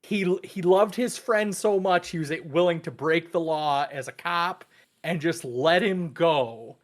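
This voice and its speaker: A man co-hosting a movie podcast, speaking in a measured, thoughtful way with many hesitations. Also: fairly high pitch. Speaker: podcast co-host. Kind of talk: casual movie discussion.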